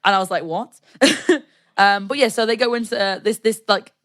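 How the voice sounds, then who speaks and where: A woman's voice: medium pitch, fairly quick. A British woman co-hosting a podcast, chatting casually and recounting a live-action role-play event with lots of laughter and acted-out quotes. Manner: animated storyteller, laughs often, acts out quotes. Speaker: podcast co-host.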